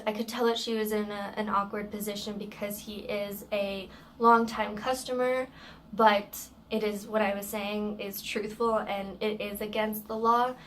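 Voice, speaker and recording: A woman's voice: medium pitch, slight background noise. A woman telling a story from work in a casual vlog, in a matter-of-fact way with plenty of fillers.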